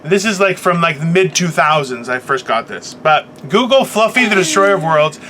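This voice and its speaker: A man co-hosting a casual morning podcast, animated and swearing freely, acting out other people as he tells stories. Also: on the high side, moderate pace, slight background noise. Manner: animated, swearing, mimics others mid-story. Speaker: podcast co-host.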